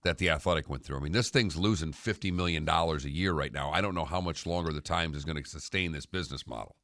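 A man co-hosting a sports radio show, giving steady, matter-of-fact analysis in casual sports talk. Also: extremely low pitch, quick pace, no echo, studio quality.

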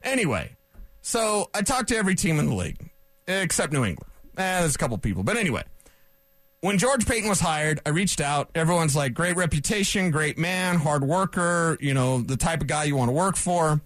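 A sports radio man holds forth in a fairly high voice, animated and sarcastic, tossing off asides as he argues. The sound is dry and close to the mic. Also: brisk, no room sound. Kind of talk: opinionated sports talk monologue.

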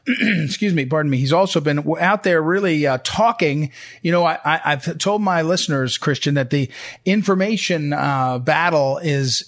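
A man's voice: a little high, a bit bright. A man hosting a political talk radio show, speaking in an emphatic, urgent monologue with frequent restarts and self-corrections.

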